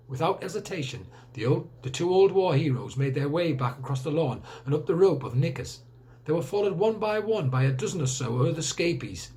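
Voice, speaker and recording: Lively male teacher reading a storybook. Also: on the high side, fairly quick. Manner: expressive storytelling. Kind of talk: reading a children's book aloud.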